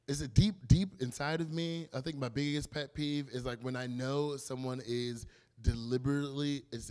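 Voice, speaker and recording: A young man giving a casual, animated youth sermon, telling stories and acting out quotes. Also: medium pitch. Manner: animated, playful storytelling with acted quotes. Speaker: youth pastor.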